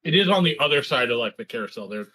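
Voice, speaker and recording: A man's voice: mid-range voice, expressive, fast, bright, forceful tone. A man running a tabletop game as game master, narrating scenes with a playful, teasing manner.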